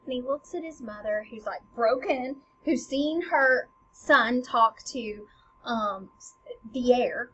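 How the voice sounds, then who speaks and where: Woman teacher breaking down a play, chatty and slangy, highish voice, bit muffled. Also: slow, pushed and bright, a little hiss or hum. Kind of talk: casual lesson explaining a play. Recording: slightly muffled lo-fi recording.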